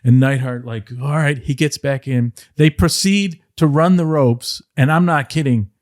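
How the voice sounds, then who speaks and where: A man's voice: medium pitch, unhurried, no room sound, clean studio sound. Middle-aged man spinning rambling anecdotes. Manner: rambling, animated anecdotes with playful voice impressions. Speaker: podcast guest, former wrestling writer. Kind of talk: casual interview storytelling.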